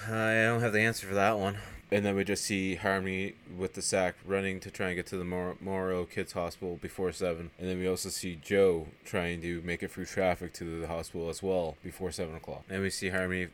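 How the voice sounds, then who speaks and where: A man hosting a podcast, casually recapping a movie scene by scene and jumping into loud, higher voices for the characters. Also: level tone, a little fast, hardly any pauses, a little hiss or hum. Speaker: podcast host.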